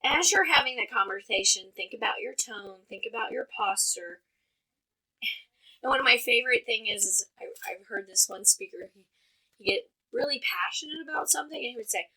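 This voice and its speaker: Bright-voiced mother explaining a tool. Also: high voice, very animated, moderate pace, rough recording. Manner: explanatory, thinks aloud with fillers. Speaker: podcast co-host and mother. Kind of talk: casual advice chat.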